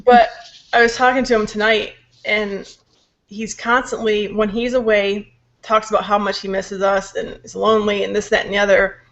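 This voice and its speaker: Her delivery is flat, her pace moderate, her medium-pitched voice fairly bright: a young woman with a sore throat venting as a podcast co-host. Tired and irritated, she swears when angry, and the casual chat comes through a dull lo-fi recording.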